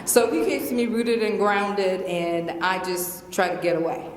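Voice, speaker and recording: Woman, Southern accent, middle-aged, playful and emphatic, slow delivery, echoey hall with long reverb. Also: medium pitch, a little hiss or hum. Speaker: guest lecturer. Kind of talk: lecture Q&A. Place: large lecture hall.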